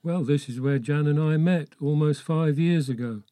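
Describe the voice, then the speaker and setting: A man's voice: fairly high pitch, normal speed, dark tone, dry recording, close to an everyday voice. A man voicing a young, ginger-bearded husband on a road trip, in a friendly conversational reading style. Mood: cheerful. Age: 20s. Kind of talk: audiobook memoir reading.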